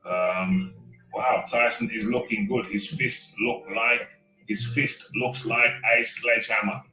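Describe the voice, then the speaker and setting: A man's voice: medium pitch, fairly even intonation, slow, pushed and bright. A British man hosting a solo boxing talk stream, rambling, repeating himself and talking to himself. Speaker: boxing talk show host. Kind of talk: solo live-stream chat. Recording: roomy echo, faint music.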